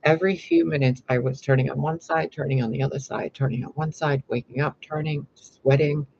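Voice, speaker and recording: A man telling a long dream story to his viewers in a rambling, animated way with lots of fillers. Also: a little fast, vocal fry, slightly rough. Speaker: spiritual vlogger. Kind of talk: casual storytelling to camera. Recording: slightly dull lo-fi with faint rumble.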